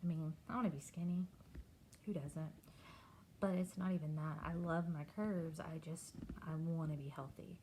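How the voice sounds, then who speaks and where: A middle-aged woman from Texas, talking candidly and haltingly in a personal video diary. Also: low voice, fairly even intonation, mellow, slight background noise, poor audio. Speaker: vlogger.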